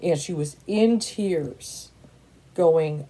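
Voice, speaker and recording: Low, mellow-voiced woman in her fifties. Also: moderate pace. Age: 50s. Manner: emphatic, repetitive, peppered with "you know" and "and stuff"; blunt, swears casually. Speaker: tarot reader. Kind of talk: casual opinionated monologue.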